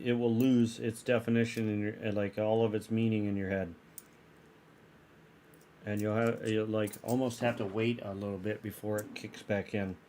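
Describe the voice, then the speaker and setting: A man's voice: mid-range voice, a little mellow, a little hiss or hum. A man streaming live, chatting casually with his viewers in a rambling way and often restarting his sentences. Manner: rambling, self-correcting, chatty.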